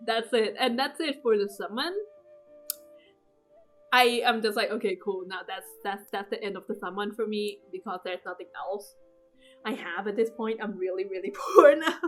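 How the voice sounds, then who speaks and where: A young woman rambling through casual gameplay commentary, excitable and laughing often. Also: mid-range voice, moderate pace. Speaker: gaming youtuber. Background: game music.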